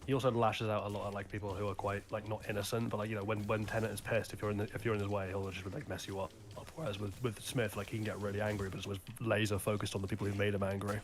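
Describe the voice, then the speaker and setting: A man chatting casually while playing a game with friends, rambling quickly from point to point. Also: fairly low pitch, level tone, a little hiss or hum. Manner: fast, rambling, quotes lines in put-on voices. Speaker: co-host of gaming playthrough. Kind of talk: casual chat.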